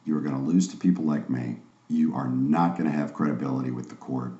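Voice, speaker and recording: Extremely low-pitched and dark-toned, this man moves briskly through his online sales training course, confident, emphatic and salesy. The sound is roomy and a bit dull.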